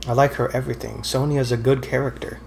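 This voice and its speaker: A man's voice: mid-range voice, level tone, quick pace, vocal fry, darkish tone, a little hiss or hum. A man casually commenting while playing a video game, rambling and correcting himself, with dry teasing jokes. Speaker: let's play co-host.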